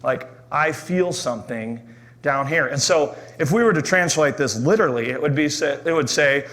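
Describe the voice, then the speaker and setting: A man's voice: a little high, normal speed, a bit bright. A middle-aged man preaching a sermon in a loose, conversational way, often restarting and asking "right?". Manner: conversational, many fillers and restarts, asks "right?". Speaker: pastor.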